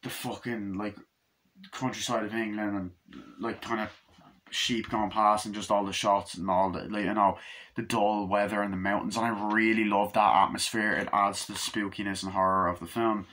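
A man talks through a movie in a loose, rambling way, with a fairly low voice. He swears casually and keeps breaking into quick, higher voices to act out the scenes. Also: level tone, a bit bright. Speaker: film reviewer.

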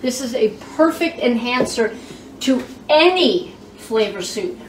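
Her voice leans high and expressive, and she takes her time as she cooks on her home show. The casual demonstration is full of chatter and exclamations, with squeals at good results, captured by a distant mic in a roomy room with background hiss.

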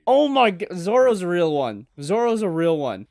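A man reacting live to an anime episode, excitable and exclaiming, swearing in casual slang. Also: sits high, normal speed, gravelly, hardly any pauses, dry recording, studio quality.

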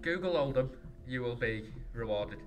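A man's voice: medium pitch, animated, normal speed, muffled recording, over music. A young man co-hosting a podcast, making dry, sarcastic remarks among friends. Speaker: podcast co-host. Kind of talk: casual banter among friends.

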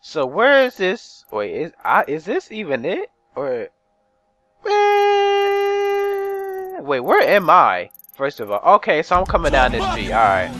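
A young male gamer talks over his own play in a loose, rambling way, swearing freely and jumping into excited yells. His voice sits high and swings widely in pitch. Game music plays clearly underneath. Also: normal speed, few pauses. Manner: rambling, profane, bursts into excited yelling and laughter. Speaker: gamer narrating his gameplay. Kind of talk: casual let's-play commentary. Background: game music and sounds.

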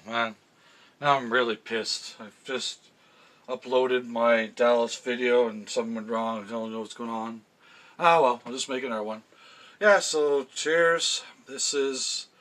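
A man's voice: medium pitch, sharp tone. A middle-aged man, rambling casually to camera as a vlogger about football picks, chatty and full of restarts. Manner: chatty, self-interrupting, swears casually. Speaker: vlogger giving NFL picks. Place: home room with fan memorabilia.

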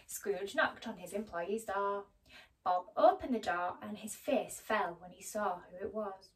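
A woman storyteller reading a children's story aloud in a gentle, expressive way. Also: medium pitch, unhurried, distant mic, a little hiss or hum, low-quality recording. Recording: voice a little off-mic.

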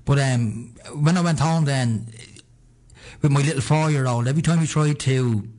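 An Irish man in his thirties, co-hosting a radio show, chatting casually and joking. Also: mid-range voice. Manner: fast, animated, joking.

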